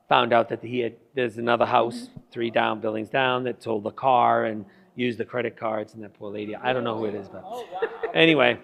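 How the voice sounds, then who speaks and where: A man, a priest, telling stories to his catechism class in a lively, laughing way, acting out what people said. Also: mid-range voice, creaky. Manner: animated, laughing, acting out dialogue. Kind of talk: casual classroom storytelling. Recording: long hall reverb.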